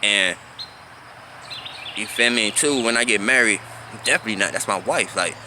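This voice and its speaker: With a noisy background behind him, this man's lowish voice moves at a moderate pace. He's a thirty-something vlogger from South Florida telling a laid-back story about being a teen and repeatedly asking "you feel me?".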